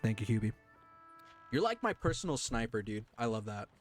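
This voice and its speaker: A man's voice: fairly low pitch, sing-song, faint music behind. Earnest, emotional male streamer. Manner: earnest and emotional, with halting restarts. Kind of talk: heartfelt live-stream talk to chat.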